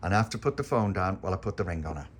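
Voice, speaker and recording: A man's voice: low-pitched, expressive, very fast, heavy background noise. Casual chuckling male storyteller. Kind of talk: improvised storytelling with toys.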